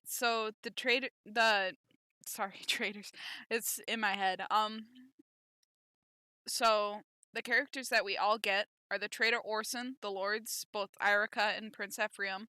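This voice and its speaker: Woman streamer, chatty commentary, bright tense voice, dry close mic. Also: medium pitch, fairly even intonation, a little slow, clean tone, no echo. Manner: chatty, self-deprecating, laughs often. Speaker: game streamer. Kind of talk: casual gameplay commentary.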